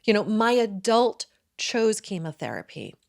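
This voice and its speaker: Excitable, talkative woman in her forties; interview guest telling her story. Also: medium pitch, a little slow, vocal fry. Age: 40s. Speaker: guest, midwife and acupuncturist. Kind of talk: personal storytelling in conversation.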